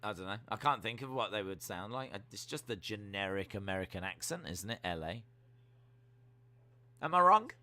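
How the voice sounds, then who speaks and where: A man's voice: fairly low pitch, animated, normal speed, sharp tone. A man hosting a live wrestling watch-along, chatting in a rambling, playful way. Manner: rambling, playful, thinking aloud. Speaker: stream host.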